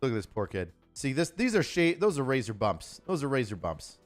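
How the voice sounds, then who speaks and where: A man's voice: medium pitch, very animated, brisk, faint music behind. A man from Buffalo, a former cop giving casual, profane livestream commentary and telling stories in a blunt way. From Buffalo, New York. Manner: blunt, profane, storytelling with acted dialogue. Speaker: retired police officer commentating news.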